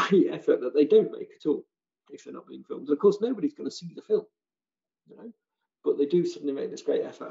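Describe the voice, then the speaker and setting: A British man, a language teacher trainer, giving an animated online seminar talk and acting out other people's lines. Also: medium pitch, vocal fry, lo-fi sound. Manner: animated, acts out students' and callers' lines.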